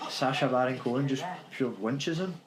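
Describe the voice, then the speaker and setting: Excitable Scottish man playing a game. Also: mid-range voice, echoey room, noisy background. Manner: excitable, quick reactions to the game. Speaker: let's play co-host and player. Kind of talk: casual gaming chat.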